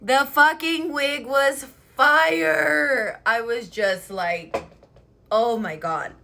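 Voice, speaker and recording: Excitable young woman, bright voice. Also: mid-range voice. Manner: excitable, swears a lot, animated storytelling. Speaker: vlogger. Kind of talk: casual chat. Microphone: headphone mic.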